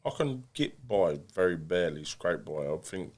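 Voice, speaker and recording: A man's voice: low voice, lively intonation, normal speed, darkish tone. An English man, a boxer and podcast guest, talking bluntly and self-deprecatingly with many restarts. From England. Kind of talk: casual podcast interview.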